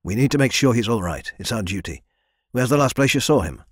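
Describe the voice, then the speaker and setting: A man's voice: medium pitch, lively intonation, brisk, husky, no echo, studio quality. An audiobook narrator voicing a dutiful young man who speaks firmly and with command. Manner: firm and commanding.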